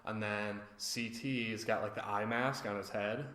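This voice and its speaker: A man's voice: lowish voice, a little slow. A man co-hosting a podcast, casually recapping a reality show and acting out what the cast said. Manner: animated storytelling, acting out quotes. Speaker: podcast co-host. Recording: roomy echo.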